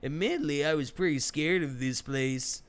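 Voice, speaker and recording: A man's voice: fairly high pitch, normal speed, clean tone. A male streamer playing a game live, reading the dialogue aloud and adding wry, joking asides.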